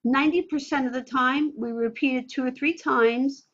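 Her voice is high, bright, and forceful as this woman, a speech pathologist, answers interview questions in a lively, playful manner at a moderate pace. The audio, from a video call, is a little dull and muffled.

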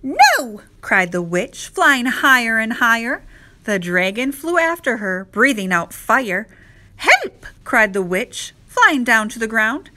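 A woman teacher reading a rhyming picture book aloud to children, slow and expressive. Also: fairly high pitch, a little hiss or hum. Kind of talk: children's read-aloud narration.

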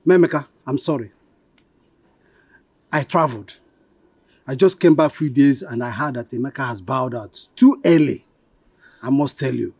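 An actor with a Nigerian accent playing a man consoling a grieving widow, speaking in a halting way and often repeating himself. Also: medium pitch, a little mellow, slightly rough, no echo. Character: sympathetic male childhood friend consoling a widow.

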